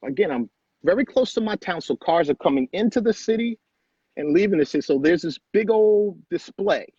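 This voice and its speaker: A middle-aged man speaks in a husky, somewhat high voice, telling his own story with earnest emphasis and repeated phrases. The sound is dry and close, with a dull, lo-fi home-recording quality. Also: animated, normal speed, mellow, no echo. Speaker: guest. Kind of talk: personal storytelling in conversation.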